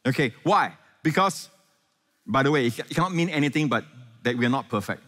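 A man's voice: medium pitch, expressive, fairly bright tone. Man preaching in an echoey hall. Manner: engaging, quizzes the congregation with quick questions. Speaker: pastor. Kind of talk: sermon. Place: large church hall before a congregation.

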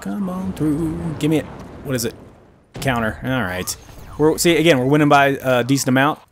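A man giving casual, self-mocking commentary over his own gameplay, with excitable outbursts and muttering. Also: mid-range voice, a little fast, slight background noise. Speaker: gaming commentator.

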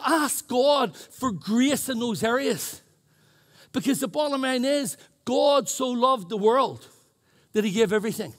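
Earnest high-voiced New pastor. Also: male voice, a bit bright. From New Zealand. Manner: earnest, chatty, self-deprecating storytelling. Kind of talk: sermon. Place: church.

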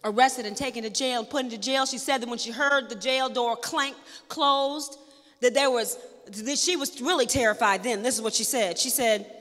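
High, bright-voiced woman preaching. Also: moderate pace. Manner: storytelling preacher who builds to shouted emphasis. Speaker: pastor. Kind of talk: sermon. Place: large hall at an in-person worship service. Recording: reverberant worship hall.

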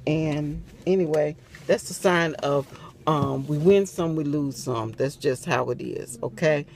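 Slow, dramatic woman vlogging from a car. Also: deep voice, darkish tone, slight background noise. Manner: dramatic, hollers and laughs often, slow drawn-out delivery. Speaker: couponing vlogger. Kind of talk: casual chat to camera.

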